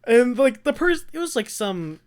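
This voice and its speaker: A young adult podcast co-host telling a rambling, animated story in casual chat, often laughing. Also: mid-range voice, normal speed, smooth.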